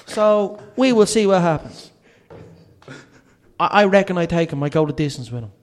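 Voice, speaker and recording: A man doing a comic impression of a cocky young Irish male fighter with an Irish accent, slow and deliberate. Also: high-pitched, animated.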